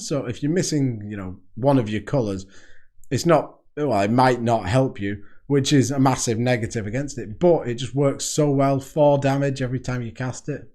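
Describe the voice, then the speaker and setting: A man's voice: mid-range voice, a little mellow. A man hosting a card game video, reading card text aloud and chatting through it casually, laughing at his own jokes. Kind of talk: casual deck review monologue.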